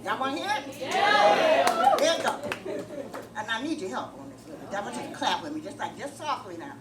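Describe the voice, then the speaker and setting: Older woman doing stand-up, lively and high. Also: fairly quick. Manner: storytelling, sings a comic song. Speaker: stand-up comedian. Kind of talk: stand-up comedy set. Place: comedy club stage. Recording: echoey club audio, far from mic, noisy.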